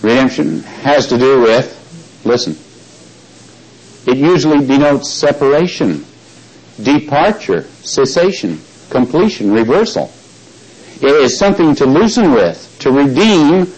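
Slow, emphatic preacher man. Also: medium pitch, animated, a little mellow, breathy edge, low-quality recording. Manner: emphatic, quizzes the congregation; stretches key words slowly for stress. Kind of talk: Bible teaching sermon.

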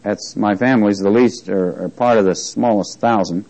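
A man teaching an interactive Bible lesson, who reads scripture slowly with emphasis and jokes with his class. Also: lowish voice, a little mellow, poor audio.

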